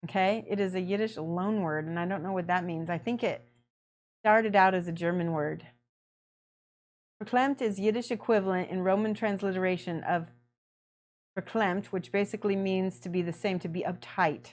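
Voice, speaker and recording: A woman's voice: medium pitch, normal speed. A middle-aged woman hosting a miniature painting livestream, chatting casually and laughing often as she greets viewers by name.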